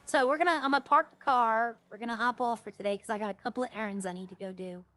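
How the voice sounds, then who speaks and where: A woman's voice: on the high side, fast talker, bright, forceful tone. A woman streaming a game, chatting casually with viewers and thinking aloud in a rambling way. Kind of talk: casual gameplay chat to viewers.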